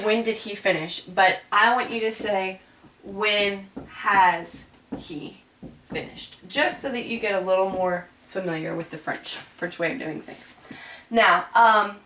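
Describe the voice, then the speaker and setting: A woman's voice: mid-range voice, fairly bright tone, distant mic. Casual woman teaching in an echoey room. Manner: casual and chatty, says y'all, many ums and self-corrections. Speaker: French teacher. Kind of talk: classroom grammar lesson at a board.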